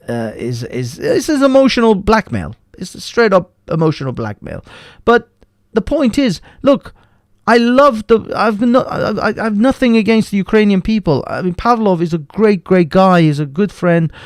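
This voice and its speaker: Guy ranting on his livestream, lots of swearing, kinda high voice, dry close sound. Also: a little mellow, no room sound. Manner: profane, heated, interrupts himself. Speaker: livestream host. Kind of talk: ranting live commentary.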